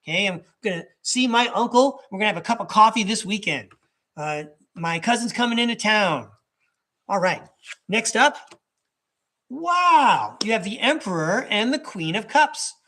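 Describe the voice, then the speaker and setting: His voice high, animated and sharp, a tarot reader and podcast host does a live reading for his chat at a moderate pace. He talks in a rambling, chatty way, dropping asides and little chuckles between ideas.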